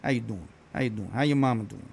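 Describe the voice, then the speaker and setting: A man's voice: mid-range voice, quick pace, vocal fry, darkish tone, a little hiss or hum, close to an everyday voice. A man doing a chummy South Philly Italian guy. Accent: South Philadelphia. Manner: breezy, chummy, repetitive greetings.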